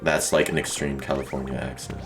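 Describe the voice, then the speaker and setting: A man's voice: a bass voice, flat delivery, a little fast, creaky. A young man streaming a speedrun, chatting loosely with viewers and filling his talk with "like". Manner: rambling, full of "like" fillers. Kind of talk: casual chat with stream chat. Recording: loud game music behind voice.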